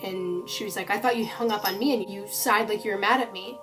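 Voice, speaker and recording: A young woman telling a spooky storytime to her vlog camera, chatty and animated, full of "like" and "you know". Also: medium pitch, a little fast, over music. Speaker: vlogger.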